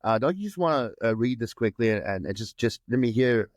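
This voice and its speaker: A man's voice: mid-range voice, lively intonation, a little fast, dry recording. A South African man speaking as a guest actor in a casual interview, often hesitating and restarting his words.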